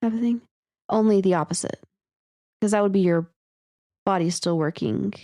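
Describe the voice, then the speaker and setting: A woman's voice: mid-range voice, normal speed, warm tone, no room sound. A woman co-hosting a writing podcast, chatting in a rambling way with lots of "like" and "you know.". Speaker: podcast co-host. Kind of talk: casual discussion of listener stories.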